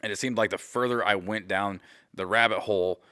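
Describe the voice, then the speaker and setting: A man's voice: fairly low pitch, fairly even intonation, a little fast, bright, forceful tone, clean tone, no echo, studio quality. A man from the Midwestern US hosting a casual podcast from his garage, rambling and joking at his own expense and calling his listeners "guys" over and over. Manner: joking, self-deprecating, repeats "guys" often. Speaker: podcast host. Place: home garage. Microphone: camera mic.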